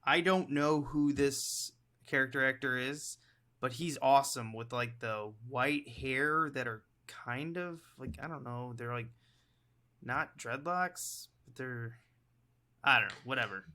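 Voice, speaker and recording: A man's voice: mid-range voice, unhurried, sharp tone. A man co-hosting a casual movie review podcast, loose and profane, often rambling. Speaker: podcast co-host.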